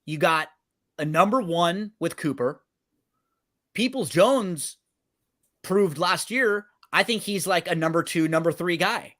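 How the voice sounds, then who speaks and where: A man co-hosts a casual sports betting show, talking conversationally through teams and schedules and often checking in with his partner using tag questions. His high-pitched voice is expressive and sharp, a little slow.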